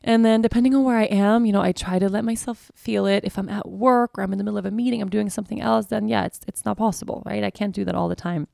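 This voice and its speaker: This podcast host talks fast with few pauses, her creaky mid-range voice fairly even in intonation and darkish in tone. Her monologue is a candid, searching reflection on her feelings, and she often restarts, circles back, and says "you know". The recording is dry, clean, and studio-made.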